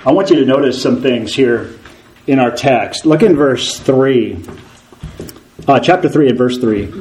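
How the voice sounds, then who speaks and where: Animated male preacher delivering a sermon. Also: mid-range voice, a little slow, low-quality recording. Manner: animated, rhetorical questions, acts out quoted voices.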